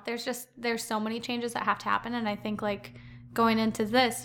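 A woman's voice: a little high, fairly bright tone, slight background noise. A woman co-hosting a casual podcast chat, talking in a chatty, filler-heavy way and laughing often. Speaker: podcast co-host and business owner.

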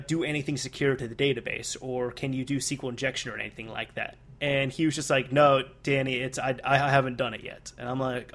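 A young man in casual chat, an animated storyteller who laughs often and uses many fillers. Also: mid-range voice.

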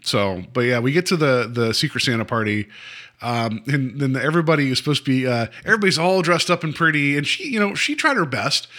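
A man's voice: mid-range voice, lively intonation, fairly quick, pushed and bright. A man co-hosting a podcast, chatting casually about a TV episode, rambling with lots of fillers and acting out the characters' lines. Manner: rambling, many fillers, acts out quotes. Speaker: podcast co-host. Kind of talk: casual chat reviewing an episode.

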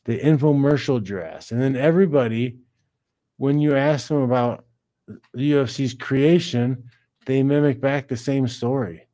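A man's voice: mid-range voice, unhurried, mellow. A man hosting a livestream, ranting bluntly and casually between reading chat messages. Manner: blunt, ranting, swears freely.

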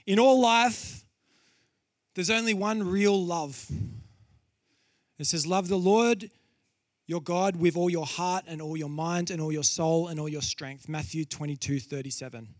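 Man preaching, high-pitched and expressive, shifts between playful stories and hushed emphasis. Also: a little slow, dry recording, studio quality. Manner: animated storytelling, acts out quotes with laughs; drops low and quiet for solemn points. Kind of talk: sermon.

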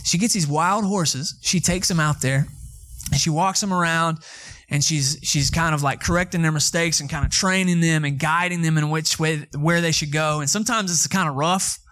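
A man's voice: fairly high pitch, normal speed, fairly bright tone. A young man from Atlanta, preaching a sermon in a conversational, storytelling way. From Atlanta, Georgia. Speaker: pastor.

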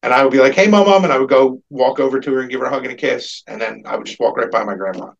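A man's voice: medium pitch, flat delivery, racing, creaky, highs cut off. A man on a casual podcast, telling a long personal story in a rambling, profane way and livening up when he quotes people. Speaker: podcast co-host.

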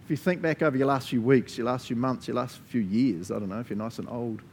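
A man's voice: mid-range voice, quick pace, darkish tone, a little hiss or hum. A man preaching a sermon as a pastor, earnest and conversational, laughing often between asides.

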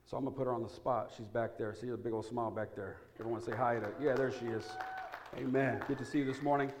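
A man pastor preaching to his congregation in a church sanctuary. His voice sits at an ordinary middle pitch. He drops to a soft, earnest hush in prayer, then jumps up loud and excited when he tells funny stories. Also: quick pace, background noise. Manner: energetic, humorous, swings from hushed prayer to loud excitement. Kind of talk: sermon.

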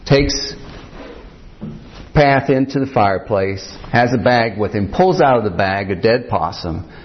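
A male pastor preaching a sermon, telling a story at an unhurried pace with frequent pauses and "uh"s. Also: fairly low pitch, expressive, slight background noise. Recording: dull lo-fi church recording.

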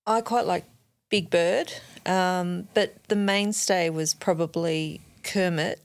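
A woman's voice: lowish voice, fairly even intonation, takes it slowly, no room sound. A woman co-hosting a podcast, telling stories and laughing often. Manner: giggly storyteller. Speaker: podcast co-host. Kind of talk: casual chat.

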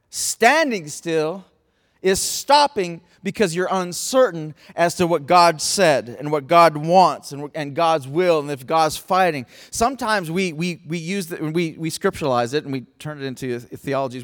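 A man preaching a sermon, passionate, moving from hushed tones to shouting. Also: on the high side, lively intonation, measured pace. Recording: long reverb in a large hall.

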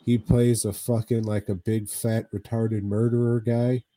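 Male podcast co-host, slow drawl, foul-mouthed rambling movie recaps. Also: lowish voice, little pitch movement, mellow, no echo. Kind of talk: casual movie recap chat.

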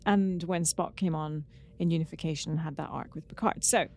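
A woman's voice: sits low, steady tone, a little fast, a little mellow. A woman co-hosting a podcast, chatting casually and sharing news with many halts and restarts. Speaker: podcast co-host. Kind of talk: casual chat.

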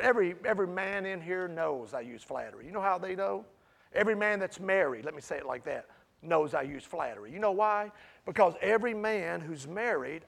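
A man preaches through a Bible passage to a small group. His voice sits high and carries a gravelly edge. He talks to the room directly and swings between loud and hushed. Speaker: Bible study teacher. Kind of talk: preaching Bible study talk.

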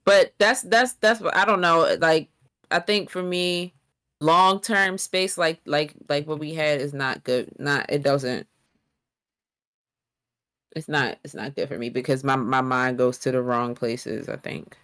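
A woman's voice: low voice, unhurried, fairly bright tone. A woman co-hosting a casual couples podcast. She talks through her side in detail and insists on her point, restarting her sentences often. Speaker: podcast co-host. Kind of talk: casual chat.

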